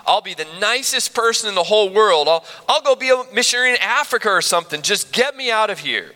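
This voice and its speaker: A man's voice: high-pitched, expressive, fast, pushed and bright, long reverb tail, heavily acted. A man voicing a panicked man clinging to a branch on a cliff, pleading frantically. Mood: desperate.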